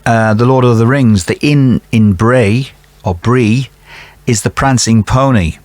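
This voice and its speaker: A man's voice: mid-range voice, measured pace, darkish tone, no echo. A middle-aged man reads out quiz answers and keeps breaking off into chatty, jokey asides, sometimes talking to himself. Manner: rambling, jokey, talks to himself. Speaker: quiz host.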